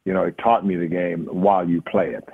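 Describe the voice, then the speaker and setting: A man with a Jamaican accent, a guest in a casual interview, telling stories in a relaxed way with many fillers. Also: low-pitched, a little fast, breathy edge. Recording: phone-line audio.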